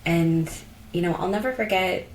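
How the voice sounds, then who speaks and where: Speaking at a moderate pace in a lowish voice, a woman from Colorado tells personal stories as a podcast guest. It's casual, reflective and heartfelt, loaded with "like" and "you know," recorded in an echoey room with a little hiss or hum.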